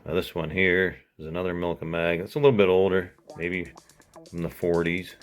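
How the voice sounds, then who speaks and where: A man's voice: sits low, fairly even intonation, normal speed, soft background music. A man hosting a casual vlog, talking in a folksy, laid-back way with chuckles. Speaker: host.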